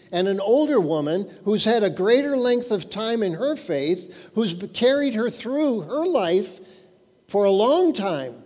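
Earnest high-voiced preacher in a reverberant hall. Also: male voice. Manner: earnest, emphatic, reads scripture in a lower, quieter voice. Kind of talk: sermon.

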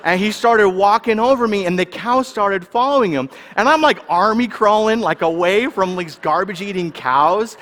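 A man's voice: sits high, moderate pace, hardly any pauses. Man preaching in a reverberant hall. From California, US. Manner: casual, animated storyteller, checks in with the audience. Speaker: pastor. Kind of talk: sermon with personal stories.

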